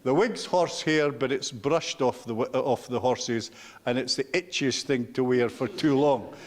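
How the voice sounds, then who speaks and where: A man's voice: medium pitch, a little slow. Older Scottish man lecturing in a reverberant hall. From Scotland. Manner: anecdotal, self-deprecating storyteller. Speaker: guest speaker. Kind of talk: public lecture with slides.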